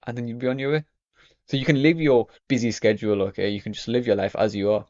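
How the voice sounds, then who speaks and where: A man's voice: medium pitch, steady tone, fast, a little mellow, no room sound. A young man talking casually to the camera as a vlogger, rambling and filling his speech with "you know" and "okay". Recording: dry, dull lo-fi audio.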